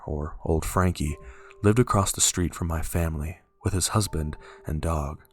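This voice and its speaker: A man narrating a scripted horror story in a calm, measured way. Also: sits low, husky.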